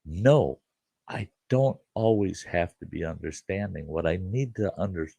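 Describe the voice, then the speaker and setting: A man's voice: sits low, lively intonation, unhurried, creaky, warm tone, breathy edge, no room sound. A man hosting a livestream, telling a story in a casual, folksy way and often repeating "I said" as he retells what happened. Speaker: livestream host. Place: farm.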